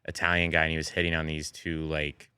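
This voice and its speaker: A man chatting as a talk show guest, telling animated stories about his comedy work. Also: extremely low pitch, fast, clean tone, no room sound. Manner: animated storytelling, slips into character voices and laughs. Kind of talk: casual talk show chat.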